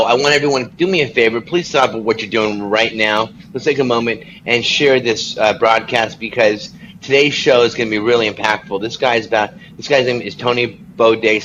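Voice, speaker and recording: A man's voice: mid-range voice, fairly bright tone. A man hosting an online talk show, earnest and encouraging as he interviews a guest. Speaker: show host. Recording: muffled lo-fi sound with faint background noise.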